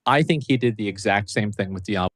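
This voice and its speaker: A man's voice: fairly low pitch, quick pace, a bit bright, no room sound, studio quality. A man talking casually and emphatically, swearing for stress. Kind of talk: casual chat.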